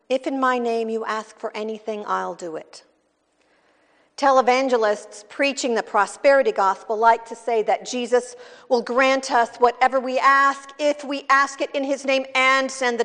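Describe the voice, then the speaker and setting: A woman's voice: fairly high pitch, fairly bright tone, in a large hall. A woman from California preaching a sermon in a conversational, wry teaching manner. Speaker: pastor.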